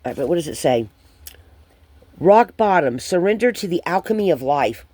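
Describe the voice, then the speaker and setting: A woman giving a channeled spiritual card reading to viewers, hesitant and rambling with many pauses and restarts. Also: lowish voice, animated, dark tone, no room sound.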